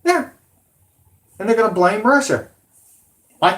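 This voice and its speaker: A man's voice: high voice, big pitch swings, a little slow, pauses often. A man, a channel host ranting angrily at his viewers, swearing and combative. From Alabama, USA. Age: 40s. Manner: profane, combative, shouting at viewers. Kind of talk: angry ranting monologue.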